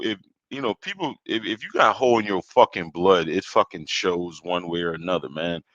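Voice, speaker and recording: A man's voice: fairly low pitch, sharp tone, no echo. Heated, swearing Caribbean-born podcast man. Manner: heated, swearing, rambling with repeats. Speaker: podcast host. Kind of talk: profane solo rant. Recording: dull lo-fi dry recording.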